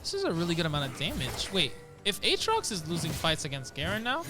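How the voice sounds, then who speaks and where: A man casting a live esports match, excitable and breaking into loud shouts during big plays. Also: a little high, quick pace, music in the background. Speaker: esports caster.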